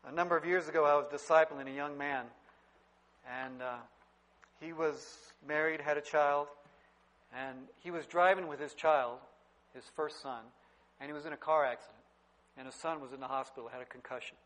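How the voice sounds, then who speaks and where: A middle-aged man preaching a sermon, telling stories and swinging from loud to quiet. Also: fairly high pitch, fairly even intonation, moderate pace, low-quality recording. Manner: storytelling preacher, wide swings in loudness. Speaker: pastor.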